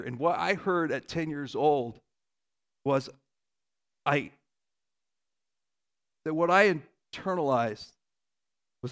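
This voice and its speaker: A man in his forties preaching a sermon in a church, earnest, asking rhetorical questions and dropping to a soft voice for emphasis. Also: on the high side, normal speed, long pauses. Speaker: pastor.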